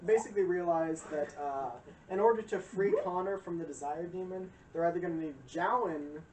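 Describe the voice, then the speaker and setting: Casual profane male storyteller, high pitch, recorded far off in a roomy space with faint hiss. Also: a little fast, darkish tone. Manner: rambling, profane, laughing storyteller. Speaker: lecturer recapping a game. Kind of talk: casual group chat. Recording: roomy distant mic with faint noise.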